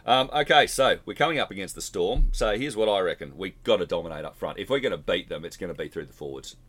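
Man chatting footy, low voice. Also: lively intonation, quick pace, fairly bright tone. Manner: chatty, reels off player lists. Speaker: podcast co-host. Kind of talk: casual sports chat.

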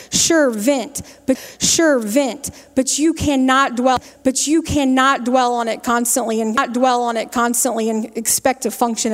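Woman giving a folksy devotional talk. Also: fairly high pitch. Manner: folksy, repeats phrases as she goes. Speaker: lay speaker giving a devotional. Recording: long reverb of a large hall.

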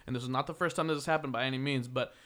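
A man's voice: medium pitch, fairly even intonation, racing, a bit bright. Laughing, rambling podcast host guy. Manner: rambling storyteller, laughs often mid-sentence. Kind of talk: casual podcast chat.

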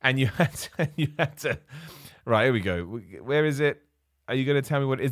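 A man's voice: medium pitch, no room sound, clean studio sound. A young man hosting a wrestling chat stream, answering viewer questions in a casual, opinionated way that turns heated at times. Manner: opinionated, animated, quick to get heated.

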